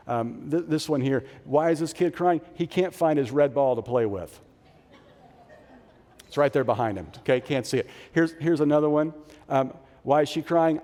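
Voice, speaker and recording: A middle-aged man preaching a sermon as a pastor, animated, moving between loud punchy lines and soft low phrases. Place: church auditorium. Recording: long reverb of a large hall.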